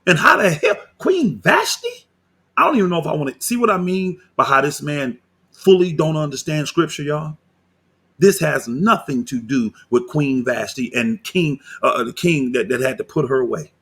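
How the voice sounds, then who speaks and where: A man, a pastor, giving heated reaction commentary on a video, indignant and combative, often rising into loud outbursts. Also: fairly high pitch, moderate pace, slightly rough.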